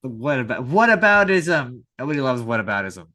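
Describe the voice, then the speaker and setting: Bright-voiced Canadian man on a podcast. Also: mid-range voice, big pitch swings, a little fast. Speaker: podcast co-host. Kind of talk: casual chat.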